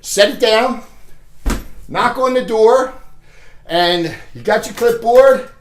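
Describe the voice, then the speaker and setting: A man with a fairly high voice gives a blunt, motivational sales training talk. He chuckles between points and keeps checking in with "okay?", and the sound carries a roomy echo. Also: takes it slowly, a little hiss or hum.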